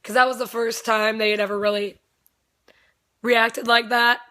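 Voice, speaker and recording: A woman's voice: on the high side, little pitch movement, moderate pace, sharp tone. Young woman with a strained voice, chatty and profane. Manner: rambling, swears freely, laughs often. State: voice strained, not at full strength. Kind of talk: casual storytelling vlog.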